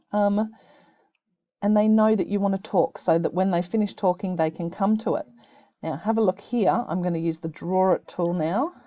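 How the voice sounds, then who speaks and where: A woman who teaches young students, explaining a video-call tool step by step in a gentle, encouraging way. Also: on the low side, dry recording, dull audio. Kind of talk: screen-recorded tutorial for children. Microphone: computer mic on a video call.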